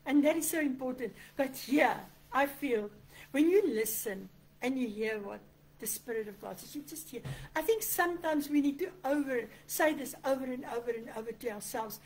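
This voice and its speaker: A woman's voice: sits high, moderate pace, a little mellow, slightly rough, rough recording. A woman pastor, preaching an online sermon in an earnest, conversational way, often voicing quoted prayers. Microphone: computer microphone.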